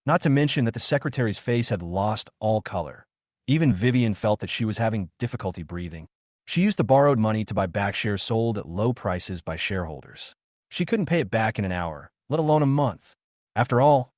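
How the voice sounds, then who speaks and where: A low-voiced man narrating a manhwa recap in a steady storytelling read. His pitch swings widely across phrases. The sound is dry and close-miked. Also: no echo.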